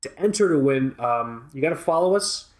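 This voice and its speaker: A man's voice: fairly high pitch, lively intonation, normal speed. Rambling joking podcast guy. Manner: rambling, joking, many fillers and restarts. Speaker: podcast co-host. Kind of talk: casual chat.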